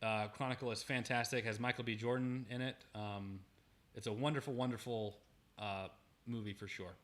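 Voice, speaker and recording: A man's voice: mid-range voice, steady tone, normal speed, fairly bright tone. A young man hosting a casual livestream, gratefully reading viewer messages aloud with frequent restarts. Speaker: livestream host.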